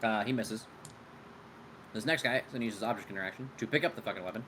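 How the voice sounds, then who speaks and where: Casual male game master, quick rulings. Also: fairly low pitch, fairly bright tone, a little hiss or hum. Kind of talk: narrating a tabletop game.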